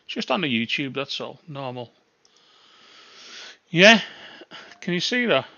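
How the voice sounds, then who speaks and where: A man's voice: on the high side, big pitch swings, a little slow, creaky, bright, forceful tone, no room sound, highs cut off. A man hosting a live stream, chatting casually, laughing and swearing with his callers. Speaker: livestream host.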